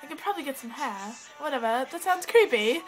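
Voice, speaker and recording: A woman vlogger with a high, expressive voice chats a little fast to her camera at home, where a cat is with her, using a fake English accent. She's bubbly and scattered, giggling and interrupting herself, and the rough recording has faint music in the background.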